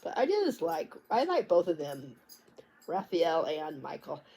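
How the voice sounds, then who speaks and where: A woman's voice: sits low, wildly swooping pitch, a little slow, creaky, mellow, breathy edge. A woman book vlogger talking in a casual, rambling way, tripping over words and restarting sentences. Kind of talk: casual chat.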